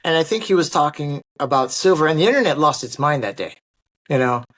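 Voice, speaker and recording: Animated storytelling man, slightly high. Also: brisk. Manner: animated anecdote-telling with acted-out quotes. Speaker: guest, martial artist and actor. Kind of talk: storytelling in an interview.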